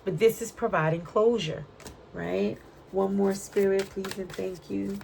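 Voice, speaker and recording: A woman's voice: mid-range voice, fairly even intonation, unhurried, creaky, noisy background. A woman giving a casual spiritual card reading, chatty and full of slang, often checking in with "right?". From Puerto Rican, raised in Brooklyn. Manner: chatty, frequent "right?" tag questions; streetwise slang. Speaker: tarot reader.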